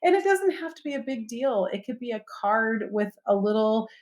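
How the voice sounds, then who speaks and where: A woman's voice: fairly high pitch, expressive, moderate pace, a little mellow. A woman guest on a podcast, chatting casually and listing practical tips with lots of "um" and "you know". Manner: practical, upbeat, listing tips with many fillers. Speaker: guest author.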